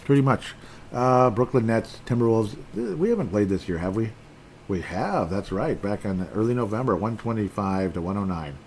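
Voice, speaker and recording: A man's voice: on the low side, animated, moderate pace, darkish tone, slight background noise. Rambling middle-aged man talking basketball. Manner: rambling, self-deprecating, frustrated asides. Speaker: podcast host. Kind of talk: casual sports talk.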